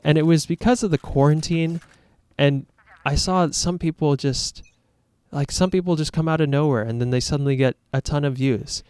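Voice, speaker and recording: A man's voice: fairly high pitch, normal speed, darkish tone, smooth, no room sound. A man talking to his viewers as a YouTuber in a casual, reflective monologue, earnest, rambling and self-critical.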